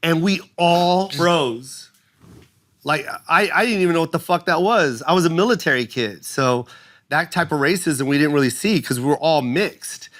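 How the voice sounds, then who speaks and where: Animated swearing middle-aged man telling a story. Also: fairly high pitch, normal speed. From United States. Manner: swearing, animated, acts out his mother's voice. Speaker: comedian guest. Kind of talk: emotional storytelling in casual chat.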